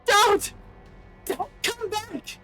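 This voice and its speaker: A woman voicing a distraught young female fan over a game, shouting with her voice cracking into tears. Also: extremely high pitch, very slow, faint music behind, voice pushed up, exaggerated voice. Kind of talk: live English dub over a game.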